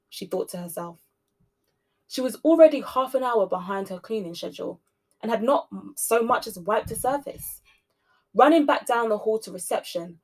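A woman hosting a podcast, narrating a spooky story with expressive shifts between loud and soft delivery. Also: fairly high pitch, normal speed. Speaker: podcast host reading a story.

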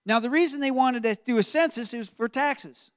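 Man, pastor, sermon, animated storytelling, high voice. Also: normal speed, clear, resonant tone, dry recording, clean studio sound. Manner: animated preaching, acts out Joseph's voice, asks the room questions.

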